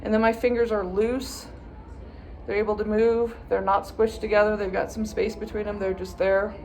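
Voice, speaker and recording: A woman's voice: medium pitch, flat delivery, moderate pace, a little mellow, slight background noise. A woman viola teacher patiently walking students through practice steps, sometimes chanting rhythm words. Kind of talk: instructional practice walkthrough.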